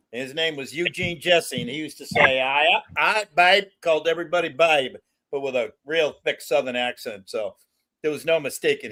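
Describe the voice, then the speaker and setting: An older man with a bright, forceful voice sitting a little high for a man, talking loosely on a video call. He wanders from one tale to the next, chuckling at his own punchlines as he hosts the stream. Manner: rambling storyteller, laughs at own jokes. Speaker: stream host. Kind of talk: casual chat.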